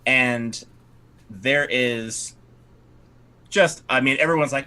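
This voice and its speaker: A man's voice: medium pitch, slow, pushed and bright. A man narrating as game master of a tabletop game, in a loose, rambling way with many fillers.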